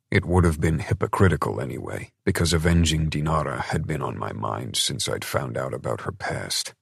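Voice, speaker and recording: A man narrating a first-person audiobook in an even, unhurried way. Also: extremely low pitch, vocal fry, slightly rough, no room sound, clean studio sound.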